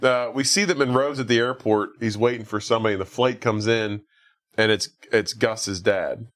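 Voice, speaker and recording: A man's voice: on the low side, fairly even intonation, normal speed, a bit bright. A man hosting a podcast, casually retelling a film's plot with lots of fillers and quoted lines. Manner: rambling recap with acted-out quotes and laughs. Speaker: podcast host. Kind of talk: casual movie recap chat.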